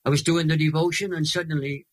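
A Welsh man in his eighties, a guest telling an emotional testimony in a lively, dramatic way. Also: fairly high pitch, quick pace. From Wales. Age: 80s.

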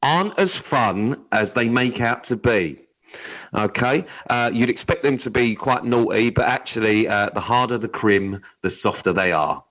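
A man's voice: medium pitch, lively intonation, moderate pace, a bit bright, poor audio. A man co-hosting a podcast, chatting bluntly with plenty of swearing and reading odd news items aloud with his own asides. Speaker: podcast co-host. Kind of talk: casual chat.

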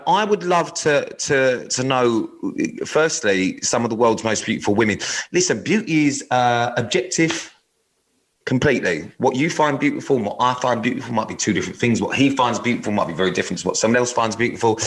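A man's voice: mid-range voice, expressive, brisk, poor audio. Laid-back, sweary man. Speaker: podcast co-host. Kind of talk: casual podcast chat.

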